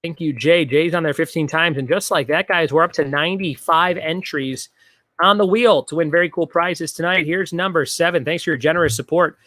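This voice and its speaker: A man's voice: on the high side, brisk, fairly bright tone, dry recording. A man hosting a live online trivia game, reading questions, repeating them and joking with viewers. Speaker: trivia host.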